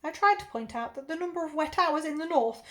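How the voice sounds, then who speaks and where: English woman, teacher, reading a novel aloud, high voice, expressive storytelling. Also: fast talker. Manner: expressive, puts on character accents.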